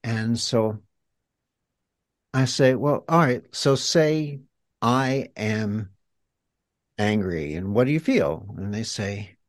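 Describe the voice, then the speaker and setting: A male healer, appearing as a guest, talks reflectively in an interview and guides the listener through an exercise in a teacherly way. His voice is lowish and slow, with long pauses and no echo.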